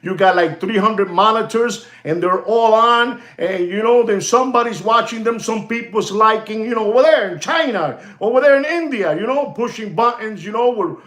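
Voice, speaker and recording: A man who makes online content, ranting casually to his viewers in a rambling, repetitive way, constantly saying "you know" and calling out "ladies and gentlemen". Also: sits high, moderate pace, few pauses, reverberant. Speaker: watch channel content creator.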